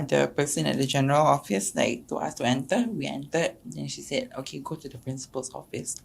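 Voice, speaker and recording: A young woman with a Singaporean English accent, telling a personal story as a podcast guest and acting out quotes with sudden jumps in pitch and loudness. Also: creaky, a little hiss or hum.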